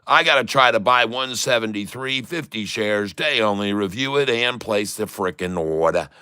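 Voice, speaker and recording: A man's voice: on the low side, moderate pace, sharp tone, clean tone. A middle-aged man giving live day-trading commentary, joking and rambling with showman asides to his viewers. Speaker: day trader streaming to viewers.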